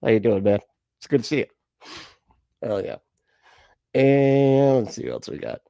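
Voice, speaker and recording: A man's voice: medium pitch, very animated, moderate pace, gravelly, mellow, no room sound. A man hosting a live reaction stream, rambling and joking at himself and laughing often. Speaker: reaction channel host. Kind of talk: casual live-stream chat.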